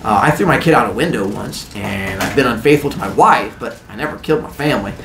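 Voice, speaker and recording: A man's voice: on the low side, animated, quick pace, vocal fry, music in the background, pitched below the performer's own voice. A man voicing a casual, shrugging male king of the gods in a laid-back, offhand way. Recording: roomy echo.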